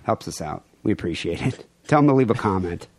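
A man's voice: lowish voice, expressive, fairly quick, no room sound. A man co-hosting a crude comedy podcast, joking and rambling loosely, often laughing. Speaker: podcast co-host. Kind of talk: casual crude podcast banter.

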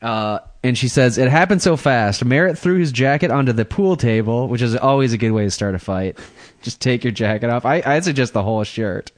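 30s male podcast cohost, chatty, laughs a lot, mid-pitched. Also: fairly quick. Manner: laughing storyteller, acts out voices. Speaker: podcast co-host. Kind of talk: casual chat.

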